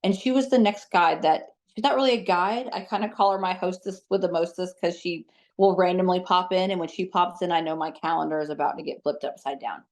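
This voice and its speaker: A woman with a fairly low voice tells stories as an interview guest. Her delivery is chatty and animated, with plenty of "like" and "um" fillers. She speaks as a psychic medium sharing her experiences. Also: brisk. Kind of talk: casual storytelling in an interview.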